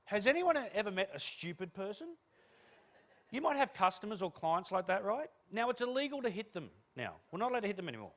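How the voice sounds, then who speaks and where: A man's voice: high-pitched, a little fast. A middle-aged Australian man giving a comic motivational keynote talk to a room, telling stories with jokes. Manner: animated, joking storyteller. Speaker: keynote speaker. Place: room with a live audience.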